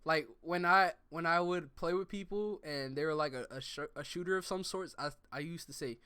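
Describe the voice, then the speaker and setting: High bright voiced guy roasting his friend, cussing and laughing. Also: lively intonation, moderate pace, clear, resonant tone, no room sound. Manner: cursing, teasing, laughing. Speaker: podcast co-host. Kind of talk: casual chat.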